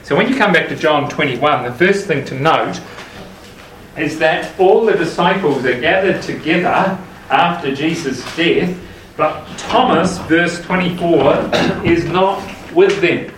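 A man's voice: a little high, measured pace, a bit bright, slight background noise. A man leading a group Bible study, talking casually and asking the group questions. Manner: conversational, asks the group questions. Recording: roomy, mic at a distance.

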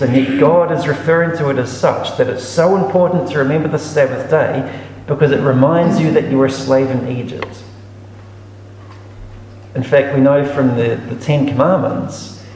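A man's voice: mid-range voice, darkish tone, slight background noise. A man reading Bible passages aloud and explaining them in a reflective teaching manner. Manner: reads scripture aloud then explains it, reflective. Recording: echoey room with long reverb.

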